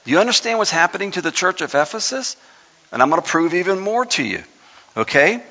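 His high-pitched, very animated voice has a sharp edge as this pastor preaches in his church sanctuary. He climbs steadily in intensity, quickening and slowing for emphasis, captured in a muffled recording with a long hall reverb.

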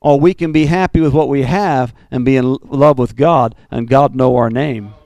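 A man preaching a fiery Pentecostal sermon, swinging from loud bursts to low, intense asides. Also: moderate pace, no echo. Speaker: pastor.

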